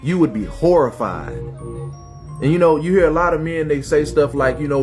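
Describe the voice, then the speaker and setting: A man's voice: a little high, animated, normal speed, darkish tone, soft background music. A man giving a preachy, emphatic monologue as a social media commentator. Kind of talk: lecturing monologue.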